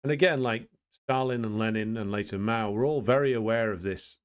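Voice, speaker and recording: Low smooth-voiced man hosting a livestream. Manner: thinks aloud with frequent pauses and restarts; blunt, opinionated. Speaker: livestream host. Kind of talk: casual livestream chat, greeting viewers and answering comments.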